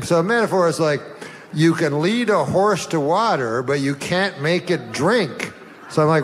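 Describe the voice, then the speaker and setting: Drawling deadpan male comedian. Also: fairly high pitch. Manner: drawling, halting with many uh's. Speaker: stand-up comedian. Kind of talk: deadpan storytelling anecdotes.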